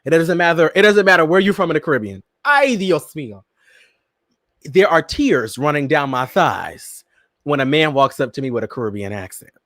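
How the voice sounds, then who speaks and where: A man hosts a casual pop-culture commentary podcast, sassy, campy and animated, chatting with listeners like old friends and calling them "girl" and "Miss Thing." His voice is on the high side and fairly quick, captured in a dry, studio-quality recording.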